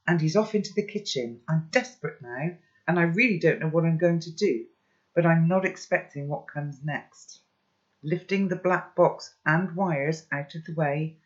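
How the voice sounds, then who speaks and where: A man's voice: fairly high pitch, lo-fi sound. A man reading a children's novel aloud, with chatty asides to his listeners. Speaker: storybook reader.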